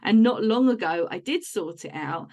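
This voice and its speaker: A woman's voice: mid-range voice, lively intonation, moderate pace, a little mellow. A woman hosting a podcast in casual chat, telling rambling anecdotes about home life. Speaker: podcast host.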